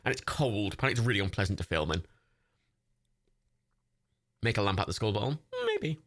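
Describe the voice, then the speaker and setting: A man's voice: fairly low pitch, lively intonation, a little fast, a bit bright. A man hosting a livestream watch party, giving casual, chatty commentary over a film, swearing freely and breaking into laughter. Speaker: livestream host.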